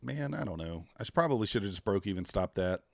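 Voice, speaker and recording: A man's voice: lowish voice, animated, quick pace, creaky, dry recording. A man trading futures live on a stream, talking to himself and to the chat, groaning at each loss and muttering over the charts. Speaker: live-streaming day trader.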